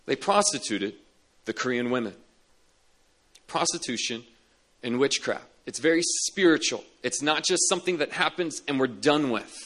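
A man's voice: medium pitch, animated, normal speed, a bit bright. A man preaching a sermon as a pastor, telling stories earnestly and repeating key words for emphasis. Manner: earnest storytelling with emphatic repetition.

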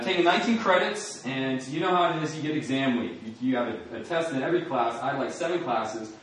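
A man's voice: medium pitch, slight background noise. Young guy telling a story, acts out the scenes, laughing a lot, big echo like he's away from the mic. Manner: animated storyteller, acting out scenes, laughing often. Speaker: speaker telling a personal story. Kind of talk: personal testimony. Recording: echoey room from far off.

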